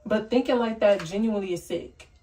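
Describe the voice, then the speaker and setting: A woman's voice: medium pitch, a little fast, warm tone. A young woman vlogging in a casual talk to camera, blunt and candid, ranting from the heart. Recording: voice a bit distant from the mic.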